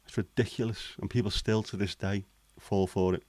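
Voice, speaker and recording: Deep, blunt man. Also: steady tone, normal speed, a little mellow, no echo. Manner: blunt, sweary, cynical banter. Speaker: livestream host. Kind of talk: casual chat.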